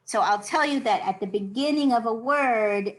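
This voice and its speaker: A middle-aged American woman teaches a Hebrew lesson in an online class, patiently explaining and demonstrating sounds. Her voice is on the high side at a normal speed, and the recording quality is low.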